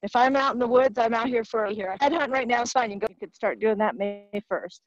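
A woman's voice: fairly high pitch, dry recording, faint music behind. Woman on a dull lo-fi call from the woods. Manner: encouraging, halting. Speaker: panelist. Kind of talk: casual talk from outdoors on a call. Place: outdoors in the woods.

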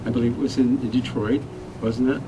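An older man offers a halting, heartfelt tribute to a gathered audience, restarting his sentences as he goes. His voice sits at an ordinary pitch and sounds distant from the microphone. A clear noise floor runs beneath it. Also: lo-fi sound. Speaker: old friend giving a memorial tribute. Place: memorial gathering room. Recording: distant mic with steady noise.

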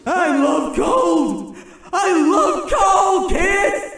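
Man doing a high-pitched ranting ghost villain, echoey and distant, game music behind. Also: big pitch swings, drawn-out words, gravelly, exaggerated voice. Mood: angry. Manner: shouting, theatrical. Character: blustering cold-loving male ghost, then pompous French painter ghost.

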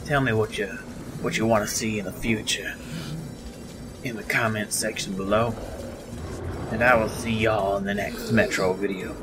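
A man's voice: fairly low pitch, steady tone, normal speed, long pauses, over music. A man giving casual, chatty commentary while playing a spooky game, easily rattled and joking to himself. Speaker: gameplay commentator. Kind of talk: casual let's-play commentary.

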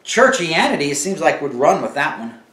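A man's voice: on the high side, big pitch swings, normal speed, a bit bright, roomy sound, recorded from a distance. A man teaching verse by verse in a loose, conversational way, full of fillers and asides. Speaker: Bible teacher. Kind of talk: casual Bible teaching.

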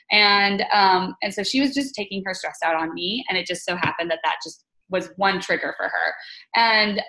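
A woman's voice: medium pitch, bright, forceful tone, low-quality recording. A young adult woman leading a team call, telling a candid personal story in a casual, chatty way with many fillers and restarts. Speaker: team leader on a group call.

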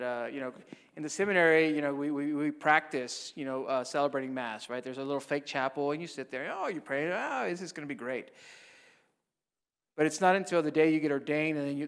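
A man's voice: medium pitch, long reverb tail. A man, a Catholic priest, giving a mission talk in a conversational storytelling way, often checking in with "right?". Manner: conversational, frequent "right?" tags.

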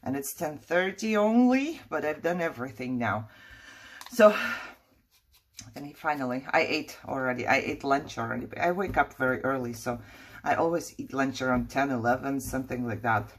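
A woman's voice: extremely low pitch, lively intonation, normal speed. A woman chatting casually while she crafts in her living room, rambling through a story with fillers and small laughs. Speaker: crafting vlogger.

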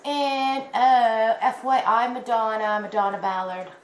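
A woman chatting casually to her viewers, telling a story in an animated way and laughing at herself. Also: on the high side, measured pace. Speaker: crochet vlogger. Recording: echoey room with faint background noise.

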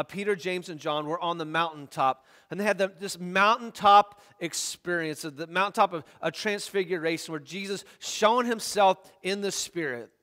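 In a church, a male pastor with a high, sharp-toned voice reads scripture aloud during his sermon, and the sound carries a big-room quality. He reads earnestly, restarting often.

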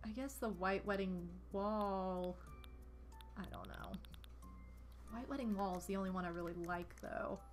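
A woman's voice: mid-range voice, unhurried, pauses often. A woman streamer chatting casually while she plays, rambling with lots of "like" and gushing thanks to donors. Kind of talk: casual gameplay chat. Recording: music playing behind.

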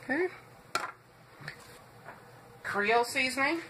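A woman's voice: high voice, animated, takes it slowly, pushed and bright, a little hiss or hum. A woman hosting a home cooking show, walking viewers through a recipe in a chatty, reassuring way and calling them "guys".

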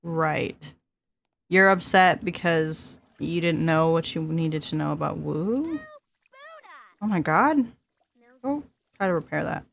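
A woman's voice: deep voice, slow, gravelly, pauses often, a bit bright, slight background noise. A woman in her twenties hosting a casual gameplay commentary, chatty and giggly, talking to her characters as she plays. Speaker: let's play host.

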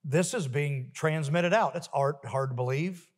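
A male pastor preaching a sermon emphatically, building to forceful refrains. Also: fairly high pitch, unhurried, long reverb tail. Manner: emphatic, rising to forceful peaks with repeated refrains. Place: church sanctuary.

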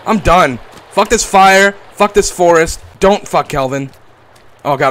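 A young gaming YouTuber provides comedic, crude, playful commentary, lurching from mock-tender murmurs to yelling and swearing. His voice is a little high and a little slow, with a faint hiss or hum in the audio.

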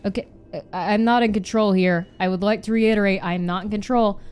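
A young woman streamer doing let's play commentary in a horror game, swearing and yelling at enemies. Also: mid-range voice, steady tone, fairly quick, clean tone. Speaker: gaming streamer.

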